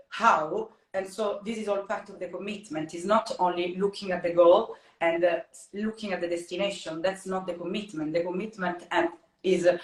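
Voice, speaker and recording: Thirty-something woman on a podcast, slow and reflective, lots of uh's, kinda roomy echo. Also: on the low side. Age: 30s. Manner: reflective, searching for words with many "uh" pauses. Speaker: podcast co-host and life coach. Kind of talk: casual podcast chat.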